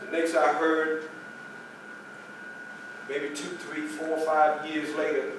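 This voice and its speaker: A man performing a first-person living-history monologue as a famous former slave, telling his life story to an audience, with loud excited quotes and quiet, grieving passages. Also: fairly high pitch, slow pace, background noise. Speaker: historical reenactor. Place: public library hall. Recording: distant voice in an echoey hall.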